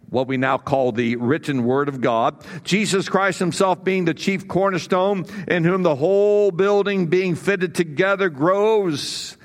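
A middle-aged man preaching a sermon as pastor, folksy and jokey, with many fillers. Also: on the high side.

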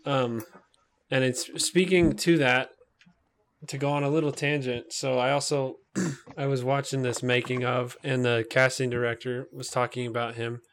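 A man at an ordinary middle pitch hosts a casual film podcast. He talks in a loose, rambling way, full of fillers and little tangents. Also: flat delivery, normal speed, fairly bright tone, a little hiss or hum. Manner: chatty, lots of fillers and tangents. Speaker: podcast host. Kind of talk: casual movie chat.

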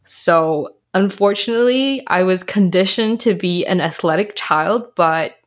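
A young adult woman, a health coach, chatting in an interview and acting out quotes from her past. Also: a little slow. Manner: animated storyteller, acts out quotes in a higher voice. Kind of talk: casual interview chat.

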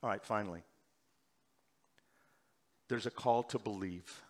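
A male pastor delivering a sermon, moving between loud urgent preaching and quiet, hushed passages. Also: lowish voice, unhurried.

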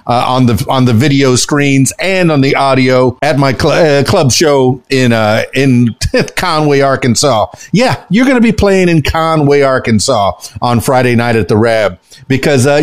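Excitable jokey man in his fifties. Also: mid-range voice. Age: 50s. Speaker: podcast host and club DJ. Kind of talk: casual interview chat.

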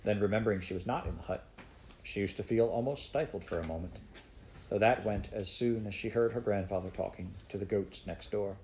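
A man reading a classic children's storybook aloud in a measured, unhurried way. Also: fairly low pitch, a little mellow, a little hiss or hum, low-quality recording. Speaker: audiobook narrator.

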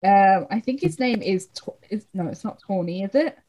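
A woman's voice: mid-range voice, expressive, moderate pace, dark tone. A young woman in a casual film chat, talking freely with many fillers and the odd swear word. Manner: chatty, frequent fillers and swearing.

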